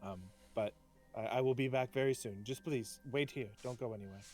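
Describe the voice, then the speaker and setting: A courteous elven healer woman who speaks formally and politely, as a game master puts her on. The voice stays near an everyday man's pitch. Faint music sits in the background. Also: a little fast, natural voice.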